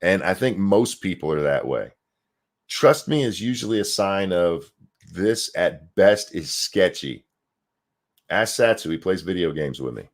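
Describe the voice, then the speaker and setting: A man's voice: sits low, big pitch swings, normal speed. A man giving a blunt, sarcastic reaction rant, swearing freely while fighting the hiccups. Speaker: political commentary streamer.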